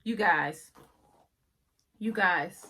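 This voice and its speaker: Loud, excitable woman reviewing wigs. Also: fairly low pitch, drawn-out words, slight background noise. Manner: loud and excitable, often yelling; chatty, addresses viewers as y'all. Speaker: wig reviewer. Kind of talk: casual product review.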